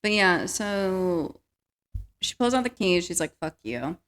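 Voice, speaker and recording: A woman's voice: mid-range voice, takes it slowly, a bit bright. A young woman co-hosting a podcast, retelling a film scene by scene with quoted lines and frequent laughter. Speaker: podcast co-host. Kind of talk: casual movie review chat.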